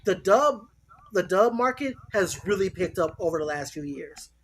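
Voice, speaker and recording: A man hosting a casual group chat, giving animated, emphatic opinions. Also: high-pitched, normal speed. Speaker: podcast host.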